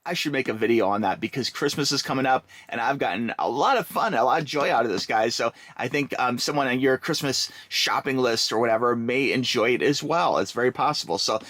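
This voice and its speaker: A man's voice: medium pitch, fairly quick, hardly any pauses, fairly bright tone, dry recording, rough recording. A middle-aged man casually commenting on retro video games as he plays, chatty and rambling with lots of ums and restarts. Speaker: retro game reviewer.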